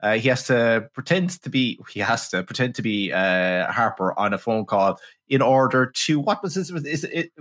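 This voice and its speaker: A man's voice: mid-range voice, animated, normal speed, hardly any pauses, a bit bright. A man co-hosting a casual film review chat, sarcastic and sweary as he riffs on a movie. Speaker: podcast co-host.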